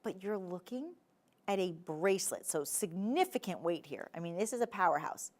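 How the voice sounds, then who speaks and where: A woman with a New Jersey accent hosting a live shopping channel, pitching jewelry in a chatty, enthusiastic sales patter. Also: animated, a little fast.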